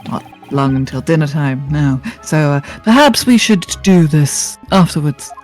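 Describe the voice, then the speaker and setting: Slow, deadpan streamer voice. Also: mid-range voice. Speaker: game streamer voicing lines. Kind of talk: casual read-along of game dialogue. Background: game music.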